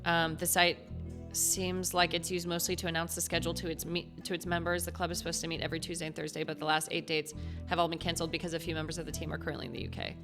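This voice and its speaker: Excitable woman gaming streamer. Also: low-pitched, quick pace, over music. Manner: excitable, swears freely, talks to chat and her cats. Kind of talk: casual live game playthrough, reading game text aloud.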